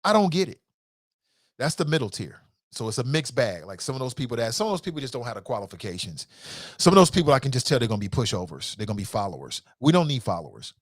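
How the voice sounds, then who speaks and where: Fired-up dude ranting on his call-in show, pitch all over the place, dry close mic. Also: sing-song, very fast, no room sound. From Cincinnati. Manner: passionate, blunt, swears, swings from low mutters to high outbursts. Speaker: show host. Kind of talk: call-in talk show commentary.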